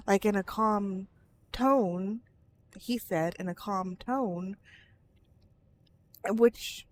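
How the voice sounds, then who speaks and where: A woman's voice: medium pitch, extremely slow, long pauses, slight background noise. A woman talking frankly in a personal vlog, rambling with restarts and tangents. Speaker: vlogger.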